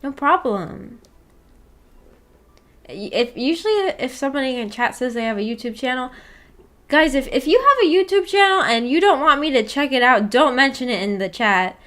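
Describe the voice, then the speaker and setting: Giggly high-voiced woman streamer. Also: lively intonation, normal speed, fairly bright tone. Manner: rambling, giggly, reads chat aloud. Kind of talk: casual chat with live viewers. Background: faint background music.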